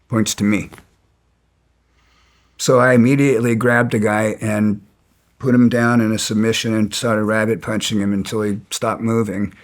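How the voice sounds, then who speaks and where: A man as an interview guest, telling stories bluntly and with some resentment, stumbling and restarting his sentences. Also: fairly low pitch. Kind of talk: casual storytelling.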